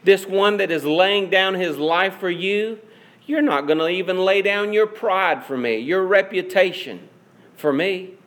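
A male preacher speaks as a solemn teacher gently rebuking a follower. He is quiet and grave, and slow and measured in his delivery. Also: sits high.

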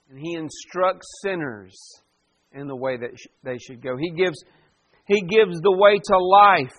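A man preaching a sermon in a high voice, taking his time over each line. He swells for emphasis and drops to a near hush, and the recording sounds a little dull and lo-fi. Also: measured pace. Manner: preaching verse by verse, rising and dropping to a hush for emphasis. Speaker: pastor.

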